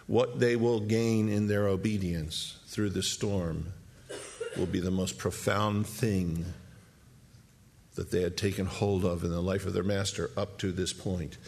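A man's voice: low-pitched, unhurried, gravelly. A man preaching a sermon, telling the scene vividly with rhetorical questions and acted-out moments. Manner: animated storytelling, acting out scenes with rhetorical questions.

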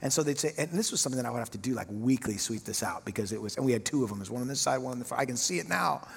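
A man's voice: medium pitch, animated, racing, gravelly, slight background noise. A man preaching a sermon, telling a story about himself with self-mocking humor. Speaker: pastor. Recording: long hall reverb.

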